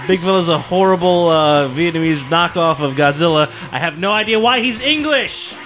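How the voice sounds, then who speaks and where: A young adult man hosting a comedy show, with quick, wry, animated banter. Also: a little high, soft background music.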